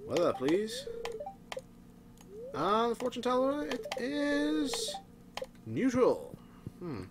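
A man's voice: very high voice, huge pitch swings, slow, noisy background. A man hosting a let's play, easily amused, laughing and talking to his game horse in mock-grand tones. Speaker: gaming channel host. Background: game music.

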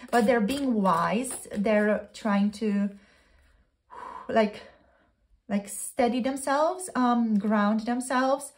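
A woman giving a pick-a-card tarot reading to her viewers, chatty and flowing, with many "um"s and "you know"s. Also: fairly high pitch. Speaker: tarot reader.

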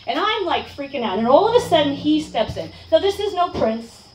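A woman telling a lively personal story at a live storytelling night in a bar, playful and casually swearing. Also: high voice, brisk. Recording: echoey bar room, distant mic, faint noise.

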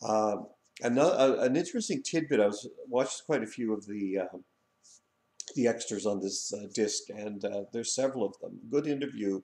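A man's voice: on the low side, normal speed, a little mellow, reverberant. A man from Canada who hosts a video channel, reviewing a book and its film in a rambling casual way, with many fillers and restarts.

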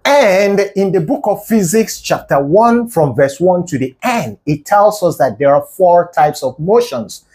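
A man's voice: high voice, expressive, a little slow, hardly any pauses, a little mellow. A man with a Nigerian Pidgin accent telling a comedic story in a playful, mock-lecturing manner. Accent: Nigerian Pidgin English. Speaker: comedic video creator.

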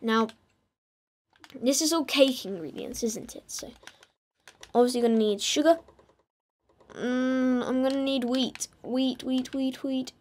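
Girl gamer chatting slow n playful to her animals, kinda high voice. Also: a little mellow. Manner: playful, talks to her game animals in a teasing singsong. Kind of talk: casual gameplay commentary.

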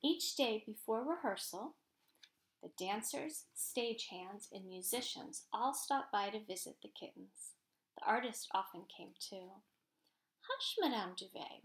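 A woman's voice: medium pitch, unhurried, gravelly, a little hiss or hum. Woman reading a children's story aloud. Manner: gentle, expressive storytelling. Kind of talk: children's picture book read-aloud. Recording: roomy echo.

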